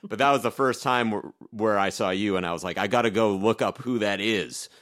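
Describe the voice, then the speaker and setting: A man's voice: lowish voice, fairly quick, fairly bright tone, no echo, clean studio sound. A man co-hosting a podcast, asking rambling, self-deprecating questions in casual chat. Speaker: podcast co-host.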